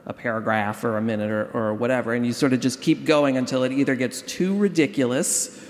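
A man, a comedian guest, explaining his process in a relaxed, rambling way. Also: mid-range voice, a little fast, a little hiss or hum. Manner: relaxed, explanatory, many fillers. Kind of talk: casual panel conversation. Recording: long hall reverb.

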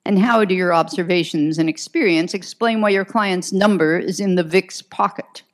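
A gruff, impatient police lieutenant, as a woman reading a crime novel puts him on, firing off curt, demanding questions. The voice sits low and flat-toned, an audiobook character rather than a full transformation. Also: moderate pace, natural voice.

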